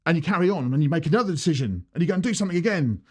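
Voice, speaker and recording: Male accountant, animated talking-head advice, bouncy pitch, plays out mini dialogues. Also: very fast. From United Kingdom. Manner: animated, acts out little dialogues with changing voices. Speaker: accountant giving business advice. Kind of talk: direct-to-camera advice video.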